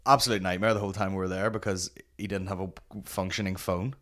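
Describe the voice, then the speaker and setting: Northern Irish male podcast host, lowish voice, loose and sweary, puts on voices mid-story. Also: steady tone, fast talker, a bit bright. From Northern Ireland. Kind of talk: casual chat.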